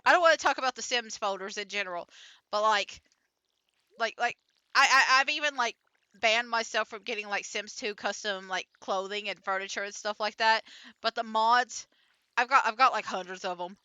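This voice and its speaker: A woman's voice: fairly high pitch, normal speed, sharp tone, smooth, dry recording, dull audio. A young adult woman streaming a farming game, chatting casually with lots of fillers, restarts and giggles. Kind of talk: casual gameplay commentary.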